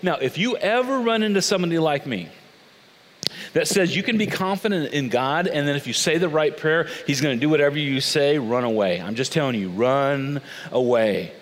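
Male pastor, sermon, animated delivery, slightly high voice, echoing church hall. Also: a little fast, a little hiss or hum. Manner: animated, acts out quoted voices with big pitch swings. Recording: long hall reverb.

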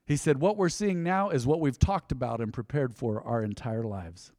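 A middle-aged male pastor giving a conversational sermon, dropping to a near hush and then surging loud. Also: mid-range voice, moderate pace, dry recording, clean studio sound.

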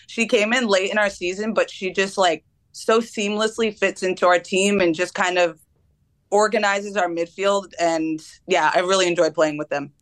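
A woman's voice: medium pitch, fairly even intonation, normal speed. A young woman footballer from the United States answering interview questions casually, with frequent ums and laughs. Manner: laughs often, many ums. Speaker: guest footballer.

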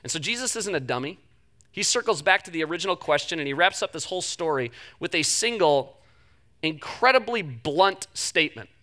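A young man preaching a sermon, telling the story with animated delivery and acting out the quoted voices. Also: a little high, brisk. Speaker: pastor.

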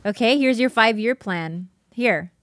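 A woman podcast host reading a diary aloud and chatting, emotional and quick to laugh. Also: fairly high pitch, a bit bright, no room sound, studio quality.

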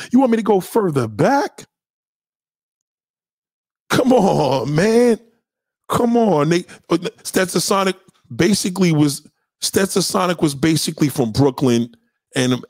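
A middle-aged man with a thick New York accent taunts his live chat, boastful and profane. His voice runs high and leaps all over the place. The sound is dry and close, with no room around it. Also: lively intonation, moderate pace, dry recording. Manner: loud, profane, boastful, challenging. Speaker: live streamer playing records for chat. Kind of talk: hyped trash talk over music.

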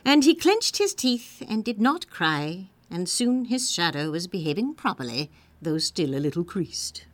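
Woman reading a kids story out loud, lively and playful. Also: on the low side, measured pace, hardly any pauses, no room sound. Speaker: narrator.

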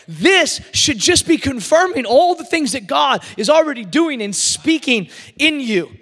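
A man preaching with a very high, bright and forceful voice. He surges into shouts and then drops almost to a whisper. His words ring out with the long reverb of a big church hall. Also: measured pace. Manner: animated preaching, swinging from shouts to near-whispers. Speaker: pastor. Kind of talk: sermon. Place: church service.

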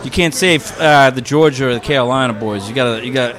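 A man's voice: mid-range voice, fast, a bit bright. A man hosting a podcast in casual chat, crude and joking, swearing a lot. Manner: crude, joking, heavy swearing, frequent laughs. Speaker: podcast host.

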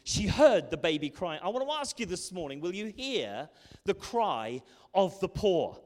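Male pastor, sermon, fairly high voice, passionate and emphatic, reverberant church hall. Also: big pitch swings, moderate pace. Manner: impassioned, rising to loud emphatic peaks.

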